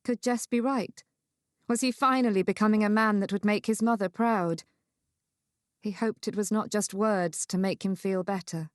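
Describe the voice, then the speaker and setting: A woman reading a historical romance novel in an even, measured narration. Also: medium pitch, dry recording, studio quality. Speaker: audiobook narrator. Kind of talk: scripted narration.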